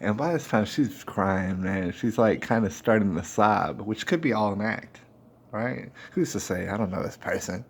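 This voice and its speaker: A man's voice: lowish voice, animated, moderate pace, gravelly, slightly rough. A man, the host, telling a personal story in a casual, slangy way and acting out the dialogue. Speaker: podcast host.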